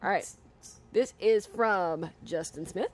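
A woman's voice: medium pitch, takes it slowly, soft background music. A woman co-hosting a casual podcast, chatting and laughing and reading listener emails aloud. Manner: animated, giggly, reads emails aloud. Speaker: podcast co-host.

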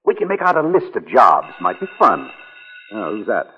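A charming, evasive young husband with a slightly husky voice that swoops very widely as he teases. He hedges and laughs things off. The sound is a tinny old radio broadcast with a long reverb. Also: fairly low pitch, huge pitch swings, moderate pace, a bit bright, heavily acted. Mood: teasing. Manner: teasing, hesitant with uhs, laughs easily. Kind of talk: 1940s radio acting.

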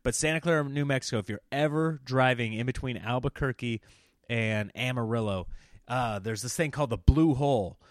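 A man hosting his own comedy podcast, telling travel stories in a casual, animated monologue and bursting into loud, high quoted voices. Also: a little fast, dry recording.

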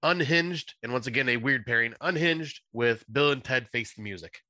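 A man's voice: medium pitch, moderate pace, bright, forceful tone, no echo. A man in his thirties, co-hosting a podcast in easygoing, rambling casual chat. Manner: easygoing, rambling, lots of uh fillers. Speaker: podcast co-host.

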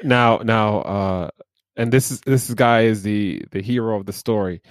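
A man's voice: fairly low pitch, steady tone, a little slow, no echo, clean studio sound. A man co-hosting a podcast, easygoing and jokey, sometimes stammering as he starts. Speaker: podcast co-host. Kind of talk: casual podcast chat.

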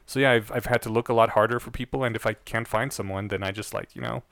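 A man's voice: on the low side, steady tone, fast talker, vocal fry, fairly bright tone, no room sound. A man co-hosting a podcast, telling a story in a chatty way with easy laughter and many restarts. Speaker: podcast co-host. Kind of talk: casual podcast chat.

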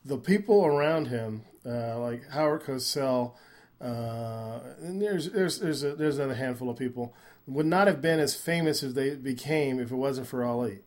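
Man, radio host, mid-pitched voice, halting questions, many restarts and fillers. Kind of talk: talk radio interview.

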